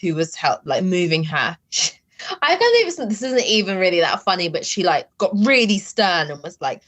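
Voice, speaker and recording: A woman with a slightly low voice, talking candidly as a guest in a conversational interview. She speaks in a halting, emotional way and uses a lot of filler words as she gathers her thoughts. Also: big pitch swings, a bit bright. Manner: emotional, halting, heavy use of "like".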